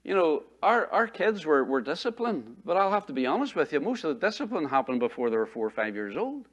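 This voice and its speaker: Pastor preaching, fairly high voice. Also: male voice, big pitch swings, a little fast, muffled recording. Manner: conversational preaching, repeats phrases, asks rhetorical questions. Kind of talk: sermon.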